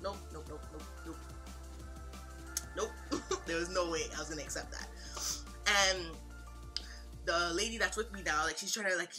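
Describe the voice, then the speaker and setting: A young woman recounts a personal story in a bright, forceful voice. She talks casually, full of slang and fillers, and swings between near-shouting and hushed moments. Soft music plays faintly underneath. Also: on the low side, normal speed, pauses often. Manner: animated, slangy, lots of "like", swings loud and quiet. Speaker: vlogger, mother. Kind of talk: emotional storytime retelling.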